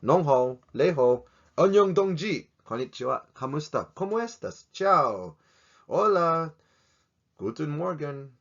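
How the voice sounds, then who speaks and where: A man's voice: fairly high pitch, big pitch swings, unhurried, pitched above the performer's own voice, heavily acted. A man voicing a cheery character who rattles off greetings, in a slightly dull lo-fi recording. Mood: chirpy.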